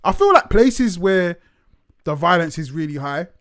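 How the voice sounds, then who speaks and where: A man's voice: sits high, expressive, measured pace, a bit bright, dry recording, studio quality. A man chatting casually on a podcast, laughing easily and swearing freely. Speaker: podcast co-host. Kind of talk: casual chat.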